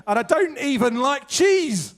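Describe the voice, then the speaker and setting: A man's voice: very high voice, sing-song, a little slow. A man hosting a live evening show, chatting with the audience in a self-mocking, jokey way. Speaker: stage host introducing acts. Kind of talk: comic stage banter with the audience. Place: stage at a live evening event.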